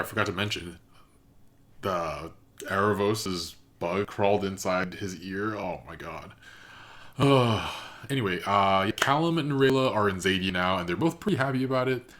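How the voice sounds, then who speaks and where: A man's voice: sits low, fairly bright tone. A man hosting a reaction channel, chatting casually and thinking aloud with lots of fillers.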